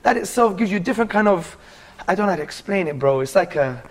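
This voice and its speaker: A man's voice: high-pitched, lively intonation, quick pace. A man in his forties from England, earnestly telling his life story as a guest in a casual interview and calling the host bro.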